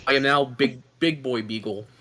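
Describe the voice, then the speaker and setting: A man's voice: medium pitch, normal speed, sharp tone. A young man hosts a casual online podcast, joking around and rambling through questions in a self-deprecating way. He talks over a remote call mic. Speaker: podcast host.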